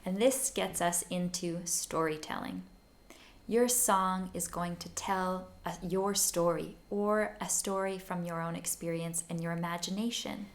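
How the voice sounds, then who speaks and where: A woman's voice: fairly low pitch, fairly even intonation, measured pace. A woman teaching songwriting in a patient, encouraging lesson, singing short phrases to show a melody. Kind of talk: gentle step-by-step lesson for learners.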